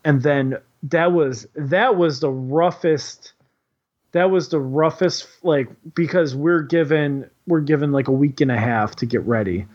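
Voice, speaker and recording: A man with a somewhat high voice tells a story in loose, casual talk. He rambles, swears freely and leans on "like" as a filler. The recording sounds dull and lo-fi. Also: a little slow, a little mellow. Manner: rambling, profane, heavy on "like". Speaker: kindergarten teacher.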